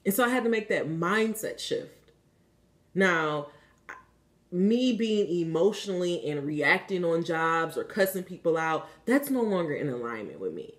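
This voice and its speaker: A woman's voice: on the low side, animated, a little slow. A woman giving a casual spiritual card reading, talking candidly and coaching the listener, with frequent fillers and some swearing. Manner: chatty and candid, swears freely, many "like" fillers; coaching, asks the listener if they understand. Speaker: spiritual reader.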